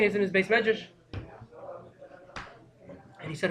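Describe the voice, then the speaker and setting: A man teaching a storytelling Torah class, who gets excited and breaks into shouting. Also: high voice, moderate pace, pauses often. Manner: excitable, breaks into shouting, mixes Hebrew and Yiddish terms.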